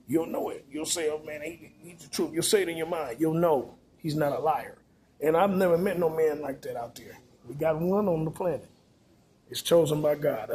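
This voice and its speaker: A man's voice: fairly high pitch, darkish tone, slight background noise. Profane man on a rambling rant. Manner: profane, preachy, repetitive.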